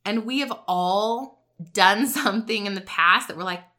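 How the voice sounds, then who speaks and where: A woman's voice: mid-range voice, measured pace, bright, forceful tone. A woman in her thirties hosting a podcast, speaking in an earnest, emotional personal monologue, at times choking back tears. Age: 30s. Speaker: podcast host.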